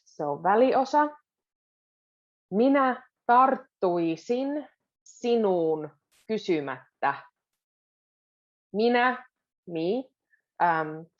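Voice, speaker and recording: A woman teaching Finnish pronunciation, patiently explaining and repeating each word slowly. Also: lowish voice, muffled recording. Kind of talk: pronunciation lesson.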